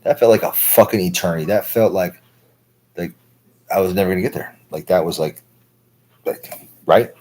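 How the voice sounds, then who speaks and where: Low husky-voiced man rambling profanely. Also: moderate pace, long pauses, darkish tone, poor audio. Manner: profane, rambling, heavy use of filler words. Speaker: livestream host. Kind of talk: rambling monologue.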